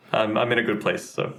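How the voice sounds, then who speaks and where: A man's voice: lowish voice, steady tone, moderate pace, creaky, fairly bright tone. A man, a guest in a casual video chat, talking with playful, mock-dramatic self-deprecation and sounding a little tired.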